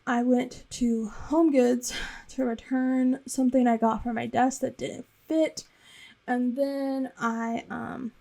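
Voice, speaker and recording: Creaky-voiced young woman vlogger. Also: a little high, little pitch movement, slow, mellow. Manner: rambling and chatty, with frequent fillers. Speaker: planner vlogger. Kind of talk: casual voice-over recap.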